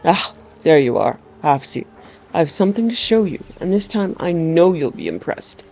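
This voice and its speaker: A woman's voice: on the low side, very animated, moderate pace, gravelly, a little mellow, heavily acted. A woman voicing a vain, pudgy, fussy male prince with a pompous, self-satisfied manner.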